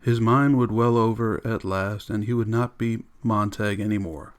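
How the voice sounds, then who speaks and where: A man narrating an audiobook in a steady, measured reading. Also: lowish voice. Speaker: audiobook reader.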